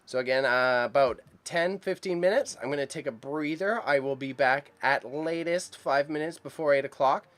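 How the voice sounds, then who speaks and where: Chatty, excited man live-streaming. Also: a little high, moderate pace, few pauses. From Canada. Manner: chatty and enthusiastic, speaks straight to chat viewers, uses slang. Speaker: live-stream host reacting to an auction. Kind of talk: casual live-stream chat.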